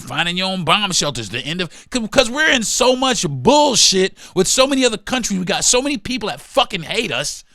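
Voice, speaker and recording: A man hosting a podcast, delivering a heated, profane rant that swings between loud outbursts and low muttering. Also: no room sound, studio quality. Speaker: podcast host. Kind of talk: profane ranting monologue.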